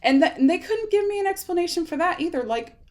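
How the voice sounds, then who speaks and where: A woman's voice: very high-pitched, expressive, a little mellow. Woman in her thirties telling a personal story. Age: 30s. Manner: rambling, halting, with many fillers and restarts. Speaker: vlogger sharing her illness story.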